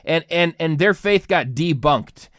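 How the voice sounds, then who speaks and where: A man's voice: on the high side, lively intonation, unhurried, a bit bright, no echo, clean studio sound. A congested man, a pastor co-hosting a podcast, talking earnestly in casual chat with many restarts.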